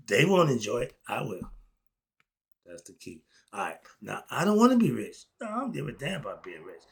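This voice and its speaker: Gravelly-voiced older man musing casually. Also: on the high side. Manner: emphatic, laughing asides, swings loud and soft. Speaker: commentator. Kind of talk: casual monologue.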